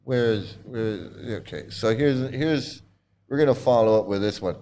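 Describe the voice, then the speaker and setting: A man's voice: medium pitch, moderate pace, dark tone, slight background noise. A middle-aged man ranting angrily at a video he is reacting to, abrasive and mocking, swearing constantly. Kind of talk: angry profane rant.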